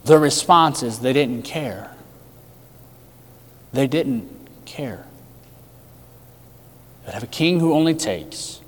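A man preaching a sermon with emphatic rhetorical questions, his delivery swinging between loud and hushed. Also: mid-range voice, animated, normal speed, hardly any pauses, in a large hall. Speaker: pastor.

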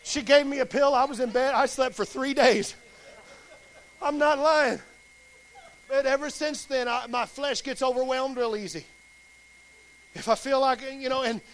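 A man's voice: extremely high pitch, a little hiss or hum. A pastor, plain-spoken and folksy, giving a sermon with his personal testimony.

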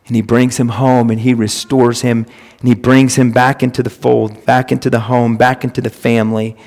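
A man's voice: medium pitch, flat delivery, normal speed, darkish tone. A male pastor delivering an emphatic sermon, repeating phrases for stress. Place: church sanctuary. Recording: long reverb of a church hall.

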